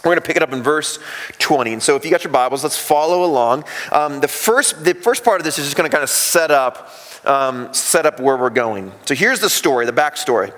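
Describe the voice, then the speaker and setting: A man with a slightly high voice preaches a sermon as pastor. He tells the story in a lively way and briefly acts out the people in it. His voice carries a long church reverb. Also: a little fast. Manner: animated storytelling, acting out quoted voices. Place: church sanctuary.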